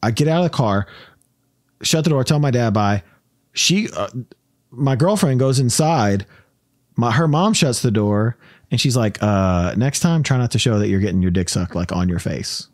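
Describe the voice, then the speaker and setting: A man from Tennessee hosting a podcast, telling a rambling, animated story and laughing often. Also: mid-range voice, normal speed, no room sound, studio quality. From Tennessee, USA. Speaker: podcast host. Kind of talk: casual storytelling chat.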